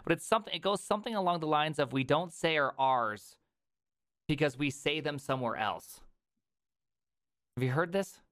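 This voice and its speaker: A man from the American Midwest hosts a loose, joking conversation, teasing and breaking into laughter. His voice sits a little high for a man. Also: lively intonation, normal speed, long pauses, fairly bright tone. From South Dakota, US Midwest. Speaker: podcast host. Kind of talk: casual chat.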